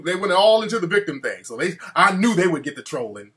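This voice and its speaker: A man's voice: high voice, sing-song, fast talker, few pauses, a bit bright. A male talk show host ranting in a brash, profane, mocking way.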